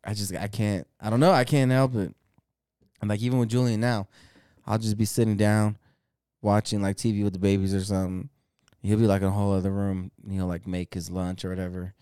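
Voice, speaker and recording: A young adult man co-hosting a podcast, chatting casually and telling animated stories with frequent swearing and laughter. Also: fairly low pitch, fairly quick, clean tone, no room sound, clean studio sound. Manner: animated storytelling, swears freely, laughs often. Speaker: podcast co-host. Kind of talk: casual chat.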